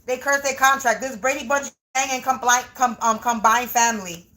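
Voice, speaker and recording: High, bright-voiced woman ranting on a live reading. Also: steady tone, moderate pace. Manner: swears a lot, swings between muttering and shouting. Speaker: tarot reader on a livestream. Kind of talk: livestream tarot reading, ranting. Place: home room.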